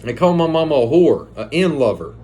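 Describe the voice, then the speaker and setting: A man's voice: fairly high pitch, fairly quick, husky. Profane storytelling man. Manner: profane, conversational, animated retelling. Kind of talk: casual personal storytelling.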